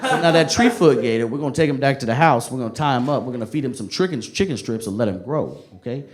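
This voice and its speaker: A man's voice: mid-range voice, lively intonation, lightly acted. A man voicing a laid-back Southern gator hunter with a sweet, sultry drawl and a folksy way of explaining things, in a noisy live club recording. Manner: folksy, explains slowly, keeps saying okay.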